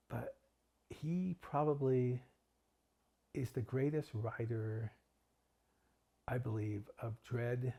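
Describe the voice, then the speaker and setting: Male host for a poetry reading, mid-pitched, dramatic delivery that swells on the refrains. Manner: builds volume and pitch on repeated refrains, drops low and soft for asides. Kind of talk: dramatic poetry reading with chatty intro and outro.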